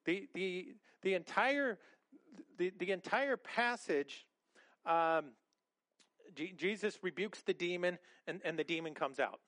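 A man preaching a sermon, his voice sitting a little high for a man. He talks conversationally, stumbling over and repeating his words. The sound is dry and close, with no room echo. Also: measured pace, a bit bright. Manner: conversational, with many stammered repeats. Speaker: pastor.

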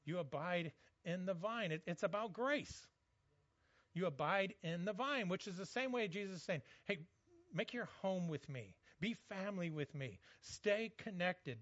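Guy preaching a sermon, kinda high voice, dry muffled sound, stumbles over words a lot. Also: fairly bright tone, no echo. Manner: conversational preaching with frequent repeated words. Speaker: pastor.

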